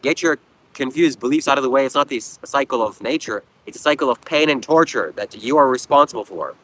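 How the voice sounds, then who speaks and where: A man's voice: medium pitch, expressive, a little fast, bright, forceful tone, low-quality recording. A man hosting a live stream, reading viewer comments aloud and answering them with blunt, preachy, mocking lectures. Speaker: livestream host. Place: outdoors at a beach.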